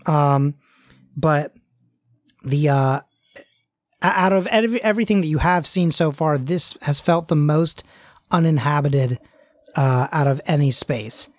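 A game master narrating a tabletop role-play, halting and full of fillers. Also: mid-range voice, dry recording, clean studio sound. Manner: halting, many fillers and restarts.

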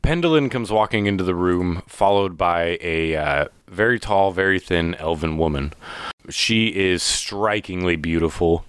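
Brief: easygoing male game master, low voice, casual narration. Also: measured pace, clean tone, dry recording. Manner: relaxed, with frequent uh fillers. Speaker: dungeon master and podcast host.

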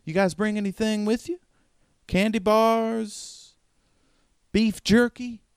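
A man voicing a folksy, friendly woman character in a tabletop game, with a drawling manner and a high put-on pitch. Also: fairly even intonation, slow pace, clear, resonant tone, dry recording. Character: warm folksy Southern woman in a wheelchair.

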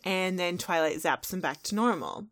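A woman's voice: lowish voice, a bit bright, no room sound, studio quality. A woman co-hosting a podcast, casually recapping a cartoon episode in a chatty storytelling way. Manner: chatty storytelling, slips into quick character quotes. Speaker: podcast co-host.

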